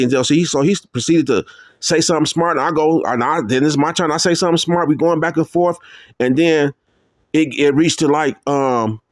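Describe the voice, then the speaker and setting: A man telling a personal story in a casual, rambling way, full of fillers and restarts, getting higher and louder as he gets worked up. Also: fairly quick, dry recording, studio quality. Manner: rambling, many fillers and restarts, rises in pitch when heated. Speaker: testimony speaker.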